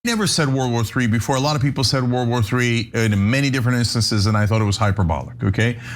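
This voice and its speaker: Brief: mid-pitched male pundit, rambling, lists one thing after another. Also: fast. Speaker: commentator in a played clip. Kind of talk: political commentary monologue.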